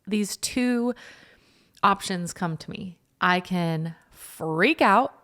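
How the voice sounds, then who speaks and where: A woman's voice: mid-range voice, drawn-out words, a bit bright. A young woman co-hosting a podcast, telling a personal story in an earnest, reflective way with many fillers. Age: young adult. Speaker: podcast co-host, wife. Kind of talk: casual chat.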